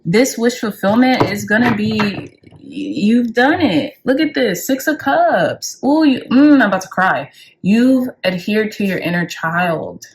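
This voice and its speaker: A woman giving a pick-a-card tarot reading in an effusive, emotional way, with swings up in pitch on key words and casual swearing. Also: sing-song, a little slow. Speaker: tarot reader.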